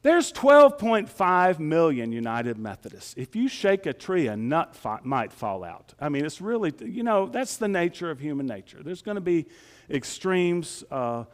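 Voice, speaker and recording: Lively male pastor in a reverberant church. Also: a little high, moderate pace. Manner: folksy, conversational preaching with rhetorical questions. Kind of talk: sermon.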